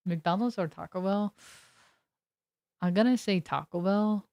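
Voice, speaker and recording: Chatty young woman streamer, smooth dry voice. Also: mid-range voice, measured pace, pauses often, a little mellow, no room sound. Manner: rambling, chatty, laughs often. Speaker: variety streamer. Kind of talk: casual chat with live viewers.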